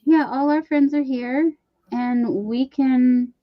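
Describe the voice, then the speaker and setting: A woman co-hosts a relaxed live chat and cheers viewers on. Her voice sits a little high. The sound is dull and lo-fi. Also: slow pace. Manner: encouraging, reassuring. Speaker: livestream co-host.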